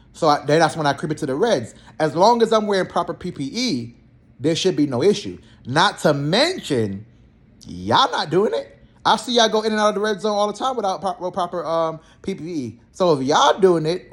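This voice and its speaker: A young man, a healthcare therapist, telling work stories in a blunt, slangy, animated way and acting out both sides of the talk. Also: on the high side, a little fast. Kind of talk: casual storytelling vlog.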